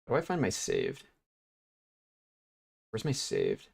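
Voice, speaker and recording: Young dude streaming, rambly and chill, low creaky voice, dry sound. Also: male voice, huge pitch swings, slow pace, darkish tone, no room sound. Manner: rambling, easygoing, swears casually. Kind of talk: casual chat while working.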